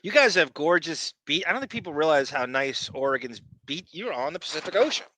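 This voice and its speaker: Podcast co-host, Long Island man, bright and a bit high, loose rambling chat, dry close sound. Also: animated, brisk, no echo, low-quality recording. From Long Island, New York. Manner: rambling, jokey, many fillers and restarts. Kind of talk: casual chat.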